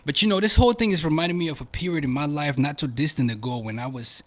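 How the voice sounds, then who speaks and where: A man's voice: fairly high pitch, fast talker, hardly any pauses. Slangy young man hosting a podcast. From Africa. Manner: animated slangy chatter, addresses viewers directly. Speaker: podcast host. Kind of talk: casual video commentary.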